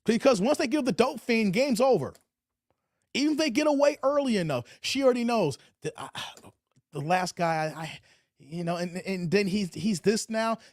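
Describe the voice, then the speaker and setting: A man whose voice sits high, with a darkish tone and lively intonation, speaks at normal speed in a dry, clean studio recording. He hosts a livestream commentary channel, preaching, repeating phrases and often adding a drawled "man."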